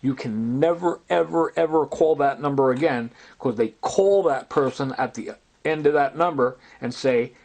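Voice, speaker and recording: A man's voice: mid-range voice, normal speed, darkish tone. A man telling a long, rambling story in an agitated way, often quoting other people's words. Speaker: storyteller recounting personal grievances. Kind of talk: rambling recorded monologue.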